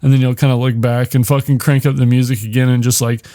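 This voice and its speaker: A man recaps a film for his podcast in a loose, rambling way, full of swearing and sarcastic asides. His voice sits at an ordinary middle pitch. The sound is dry and close, with no room echo. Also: level tone, fast talker, warm tone. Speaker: podcast host.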